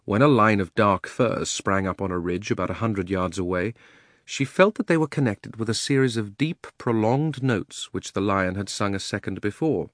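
A man narrating a children's fantasy audiobook in a measured, expressive storytelling manner. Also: lowish voice, dry recording, studio quality. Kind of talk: audiobook reading.

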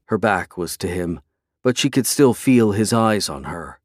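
A man narrating a fantasy novel in a measured, even storytelling way. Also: on the low side, dry recording, studio quality. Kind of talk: scripted fantasy audiobook narration.

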